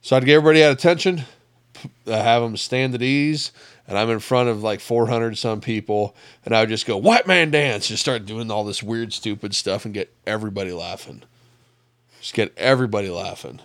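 A man from the Midwest, chatting casually as a podcast co-host and telling stories in an animated way. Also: fairly low pitch, brisk, clear, resonant tone, no echo, studio quality. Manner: animated storyteller, laughs often. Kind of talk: casual chat.

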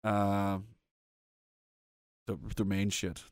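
A man's voice: fairly low pitch, completely flat delivery, extremely slow, clear, resonant tone, dry recording, clean studio sound. A man hosting a live stream, reading out chat and rambling in a casual, profane way while laughing often.

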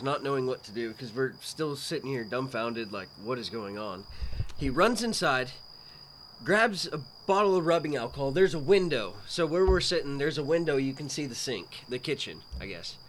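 Outdoors at night, with faint crickets in the background and a little hiss or hum, a podcast guest tells a story in casual chat. His voice is on the high side and fairly bright, with lively intonation at normal speed, and he stays laid-back, laughing as he goes.

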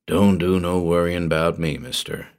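A man voicing a superstitious old backwoods hermit, in a slow rustic drawl that keeps dropping to a hushed, ominous tone. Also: low voice, steady tone, lightly acted.

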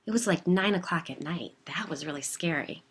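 A woman's voice: sits low, brisk, husky. A woman reading a story, voicing the nervous narrator-heroine, a newcomer to the neighborhood who asks anxious, alarmed questions. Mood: flustered.

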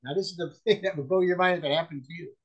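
A man's voice: a little high, rapid-fire, a bit bright, slightly rough, lo-fi sound. A man tells his personal testimony over a remote call in an earnest, rambling way. He circles back and restarts his sentences often, using plenty of fillers. His voice sits a little above the usual for a man. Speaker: guest, chaplain and author.

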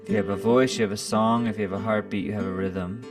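A man's voice: lowish voice, fairly even intonation, quick pace, recorded from a distance, music in the background. A man talking as a podcast guest in a casual interview, reflective and earnest in how he speaks.

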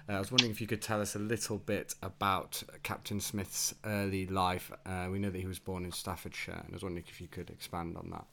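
Low-voiced man asking hesitant questions. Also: little pitch movement, quick pace, gravelly, few pauses, fairly bright tone. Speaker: podcast host. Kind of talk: interview questions.

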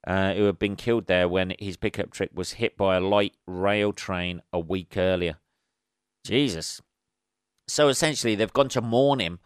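A man talking alone on his comedy podcast in a low, smooth voice. He meanders through swearing and dry jokes and keeps filling gaps with ums. The sound is close and dry, with no room around it. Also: no room sound. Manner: rambling and sweary, with frequent ums and wry asides. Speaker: podcast host. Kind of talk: solo comic podcast monologue.

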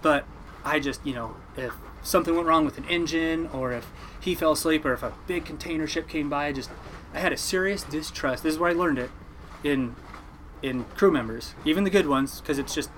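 Fast-talking man telling a boat story. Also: mid-range voice, a little hiss or hum, low-quality recording. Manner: animated, mimics people in quotes, swears casually. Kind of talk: casual storytelling.

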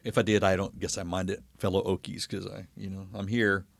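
Easygoing Oklahoma man, a bit low-voiced. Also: flat delivery, brisk, vocal fry, no echo. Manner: easygoing, laughs readily, gently teasing. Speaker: podcast co-host. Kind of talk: casual chat.

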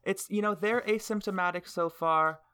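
A young man co-hosts a casual podcast with a voice sitting a touch high for a man. He talks in slang and jokes, and gets animated when he argues a point. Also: moderate pace, smooth. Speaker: podcast co-host.

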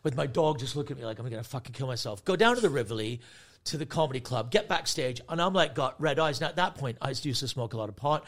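A man's voice: mid-range voice, quick pace. A man in his forties telling a story on a podcast, laughing often and acting out other people's voices. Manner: animated, laughing, acts out voices. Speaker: comedian guest. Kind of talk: casual storytelling.

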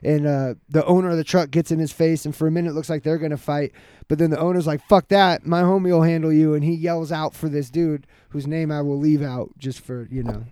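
A man in his thirties telling a story in casual chat, animated and heavy with profanity. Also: a little high, fairly quick, clear, resonant tone, no room sound.

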